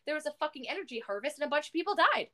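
A Canadian woman hosting a podcast, chatting casually in an animated, ranting way and swearing often. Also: high-pitched, racing. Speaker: podcast host.

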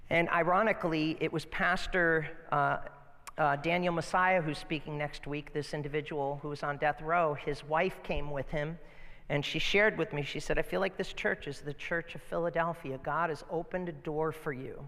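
A man's voice: a little high, normal speed. A man pastor preaching a sermon in a conversational, storytelling way. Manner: conversational, animated storytelling with restarts. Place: church sanctuary. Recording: church hall with long reverb.

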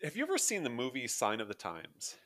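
Man co-host with a lively pitch. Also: a little fast. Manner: relaxed, hesitant, lots of uh fillers. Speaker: podcast co-host. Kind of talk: casual podcast chat.

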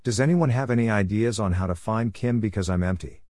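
A man's voice: on the low side, a little fast, a little mellow, no room sound, natural voice. A man reading the lines of a clever male pet who leads his friends in a storybook tale. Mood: planning. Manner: eager, bossy. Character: clever male pet leader, planning a rescue.

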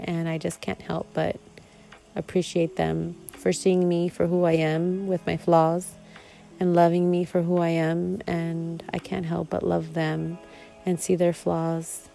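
Woman vlogger, casual heartfelt monologue, low gravelly voice, rambling. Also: rough recording. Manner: rambling, warm and reflective, with laughs.

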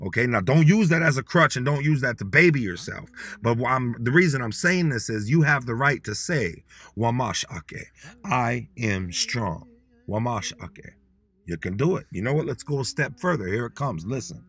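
A man hosting a podcast, teaching Dakota words in a casual, motivational way. He talks bluntly and in slang, and repeats words slowly for listeners to say along. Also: mid-range voice, lively intonation, fairly bright tone, breathy edge.

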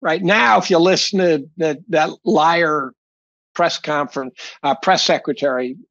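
A man's voice: on the high side, a little slow, vocal fry, fairly bright tone, no echo, highs cut off. A man guest in an interview, a professor talking bluntly and emphatically, often restarting his sentences. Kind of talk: opinionated conversational interview.

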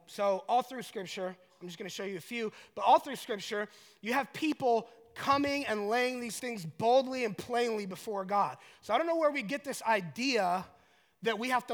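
A man from Colorado preaching a sermon, conversational and joking, building to loud emotional paraphrases. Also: very high-pitched, moderate pace, big-room sound. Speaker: pastor.

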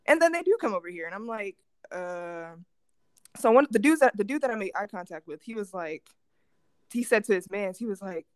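A young woman co-hosting a podcast, telling a story in a casual, animated way and acting out what people said. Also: mid-range voice, brisk, no echo. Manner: animated storytelling with lots of acted-out quotes. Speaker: podcast co-host.

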